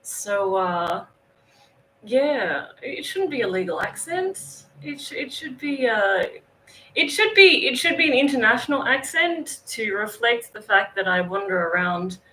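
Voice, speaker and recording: A woman's voice: mid-range voice, animated, unhurried, bright, forceful tone, slight background noise, poor audio. A woman with an Australian accent, chatting casually on a livestream, greeting viewers by name. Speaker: livestream host. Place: home in northern Thailand.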